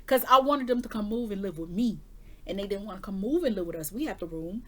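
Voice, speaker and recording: A woman's voice: medium pitch, expressive, fast. A woman who does intuitive readings, telling her viewers a personal story in a candid, chatty way. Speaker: intuitive reader giving weekly forecasts.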